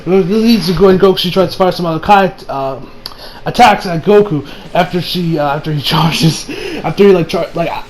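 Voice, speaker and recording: A young man casually reviewing an anime episode, excitable and profane, laughing often. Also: high voice, moderate pace.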